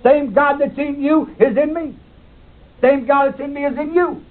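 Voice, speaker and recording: A man's voice: very high voice, normal speed. A man teaching a Bible class, reading verses aloud and quizzing his class, on a tinny old tape recording. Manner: reads scripture aloud, then asks the class questions.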